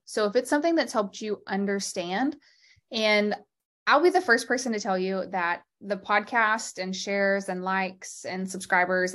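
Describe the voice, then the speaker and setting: A woman clinician and podcast founder speaking as an interview guest, earnest and heartfelt, talking in quick, open bursts. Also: medium pitch, a bit bright. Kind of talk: candid conversational interview.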